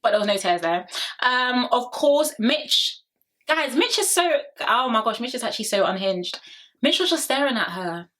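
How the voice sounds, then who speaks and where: Young woman, sassy reality TV recap vlogger, bright tone, casual chat straight to viewers. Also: on the high side, very animated, normal speed. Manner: sassy, opinionated, addresses viewers directly. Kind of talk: casual chatty commentary.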